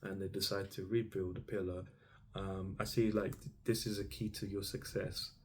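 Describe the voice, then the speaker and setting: Deep, flat-voiced man giving a tarot reading. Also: normal speed, slight background noise. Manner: meandering, hesitant, with frequent ums and restarts; speaks directly to the listener as "you". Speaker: tarot reader. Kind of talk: intuitive tarot reading to viewers.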